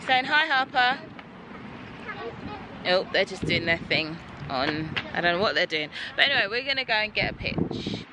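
Mum in her thirties, cooing, sing-song voice, clear background noise. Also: mid-range voice, big pitch swings, moderate pace. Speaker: vlog host, mother. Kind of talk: casual family vlog chat.

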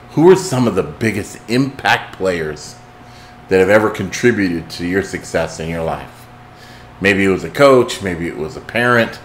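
A man hosting a motivational talk, telling a dramatic story that swings from hushed intensity to shouting. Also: low voice, a little hiss or hum. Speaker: host.

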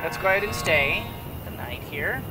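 A man's voice: sits high, lively intonation, moderate pace. A man hosting a let's play, casually reading game narration aloud with frequent restarts. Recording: distant mic with game music behind.

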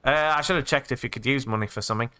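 A man's voice: medium pitch, rapid-fire, bright, forceful tone. An English man hosting a let's play, narrating his own in-game actions in past tense with playful jokes. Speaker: gaming channel host.

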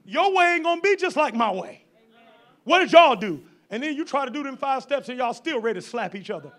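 A man preaching a sermon as pastor, folksy and fiery, at times rising to shouts. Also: very high-pitched, expressive, a little fast.

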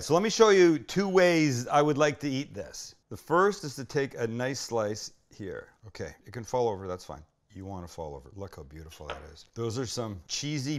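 Older male cooking host, casual and enthusiastic, middle pitch, talks straight to camera. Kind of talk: casual cooking demo chat.

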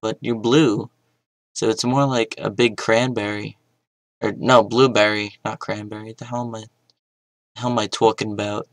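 A young man giving casual gameplay commentary, mostly mumbling to himself with sudden loud outbursts. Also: fairly low pitch, flat delivery, moderate pace, no echo, low-quality recording. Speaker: gaming YouTuber.

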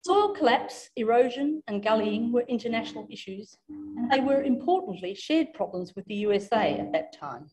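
A woman with an Australian English accent giving a formal academic lecture, reading in a measured way and now and then correcting herself. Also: a little high, expressive, mellow, rough recording.

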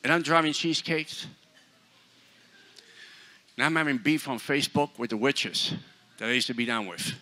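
A man preaching a sermon, telling stories in a lively, joking, conversational way. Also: mid-range voice, moderate pace, long pauses. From New York. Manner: animated, humorous, conversational preaching. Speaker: guest preacher. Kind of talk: storytelling sermon.

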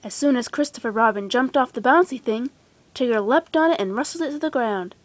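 A woman's voice: a little high, a little fast, no room sound. Woman reading a children's storybook. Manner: gentle, expressive. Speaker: storybook reader. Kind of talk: children's storybook read-aloud.

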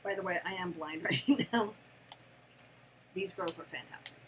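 An older woman and grandmother chatting casually through an unboxing, gushing and excitable, laughing often and squealing with delight at home. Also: fairly low pitch, unhurried, slight background noise, poor audio. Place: home, near her desk.

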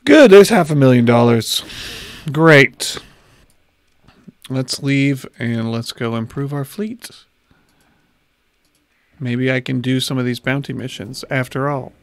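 A man in his thirties chats with his stream viewers while he plays, talking slowly and casually. His voice sits at a middle pitch, and the desk mic is close and dry, with no room sound. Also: no echo. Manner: chatty, talks to chat while playing. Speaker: livestreamer. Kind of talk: casual gameplay livestream chat.

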